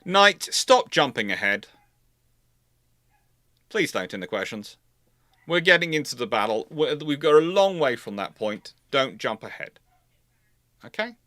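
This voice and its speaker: A man lectures on naval history over a livestream in a loose, conversational way. He stumbles and corrects himself as he goes and answers questions from viewers. His voice sits at an average pitch, dry and close. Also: sing-song, normal speed, bright, forceful tone, no room sound. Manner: conversational, with fillers and self-corrections.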